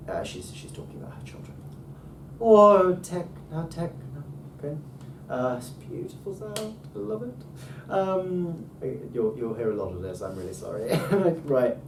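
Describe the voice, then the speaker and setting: Guy with a mellow voice running a relaxed language lesson, lots of ums, echoey room, mic a bit far off. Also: mid-range voice. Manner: enthusiastic, many ums and restarts. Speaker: teacher. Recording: roomy, distant mic, faint background noise.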